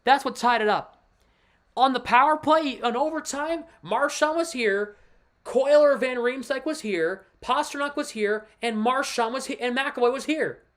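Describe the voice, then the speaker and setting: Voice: high voice, unhurried, a bit bright. A livestream host and devoted hockey fan giving casual, emphatic commentary, walking viewers through a play on screen and ranting about the team's losses.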